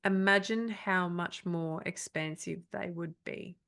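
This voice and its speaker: A woman's voice: lowish voice, steady tone, measured pace, vocal fry, fairly bright tone. A woman, leading an online coaching workshop in a candid, chatty way with frequent laughs. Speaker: trauma coach. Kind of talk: live online workshop talk.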